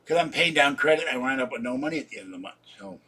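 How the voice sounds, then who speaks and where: A man's voice: mid-range voice, animated, rapid-fire, pushed and bright, breathy edge. A man in his seventies, drowsy and rambling as he chats casually to viewers on his live stream. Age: 70s. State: sleepy. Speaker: channel host.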